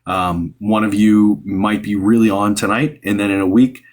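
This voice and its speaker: A man's voice: on the low side, steady tone, moderate pace. A man hosting a live stream as a psychic medium, giving rambling, upbeat advice to a caller with many fillers and restarts.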